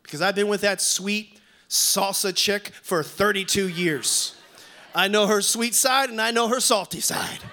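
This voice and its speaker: A man's voice: high-pitched, a little slow, pushed and bright. A man in his fifties preaching a sermon as a pastor, emphatic, repeating key lines and calling on the congregation to respond. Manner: repeats key lines for stress, some restarts.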